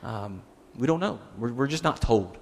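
A man's voice: mid-range voice, lively intonation, moderate pace, darkish tone. A male pastor giving a conversational sermon, putting rhetorical questions to his listeners. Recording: long hall reverb.

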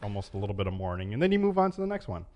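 A low-pitched man co-hosts a laid-back podcast. He rambles easily and chuckles a lot as he talks. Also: very fast, dull audio. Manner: relaxed, rambling, chuckles often. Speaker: podcast co-host. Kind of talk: casual chat.

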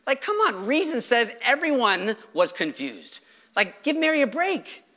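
A man preaching a sermon as pastor, animated, firing rhetorical questions and acting out quoted voices. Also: very high-pitched, a little slow.

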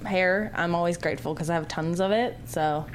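A woman's voice: on the low side, brisk. Giggly woman guest, rambling stories, lots of "like", a bit of noise behind. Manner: bubbly, giggly storyteller, lots of "like". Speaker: guest performer. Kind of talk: casual chat.

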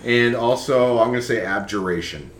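A man's voice: mid-range voice, moderate pace, a little hiss or hum. A man narrating as game master for a tabletop game, hesitating with fillers and laughing often. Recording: echoey room with faint ambience.

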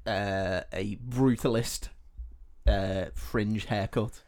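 A man's voice: lowish voice, steady tone, drawn-out words, darkish tone. A man hosting a casual podcast chat, recapping a film in a rambling way and laughing often. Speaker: podcast host.

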